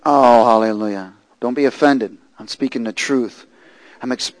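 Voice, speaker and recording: A man preaching and telling his testimony, moving from loud preaching to hushed storytelling. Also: medium pitch, normal speed, no room sound, low-quality recording.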